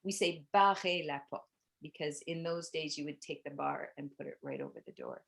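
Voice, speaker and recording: A woman's voice: low-pitched, flat delivery, fairly quick, vocal fry. A middle-aged woman, a bike tour guide and language teacher, giving a chatty, explanatory virtual tour presentation with frequent "um" and "like".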